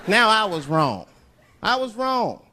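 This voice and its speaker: A man performing a stand-up comedy set on stage, telling stories that swing between loud punchlines and low asides. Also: big pitch swings, slow, a little hiss or hum. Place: stage before a live audience. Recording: live stage mic with crowd laughter. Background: audience laughter.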